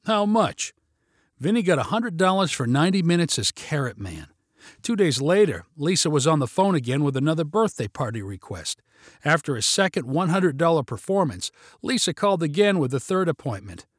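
A man narrating a story aloud in an animated way. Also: on the high side, brisk, no echo, clean studio sound. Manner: animated storytelling, shifting into character voices.

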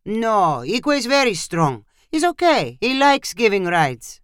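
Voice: mid-range voice, very animated, slow, fairly bright tone, clean tone, no echo, clean studio sound, pitched above the performer's own voice. A storyteller voicing a patient male cowboy who reassures a nervous rider. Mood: reassuring.

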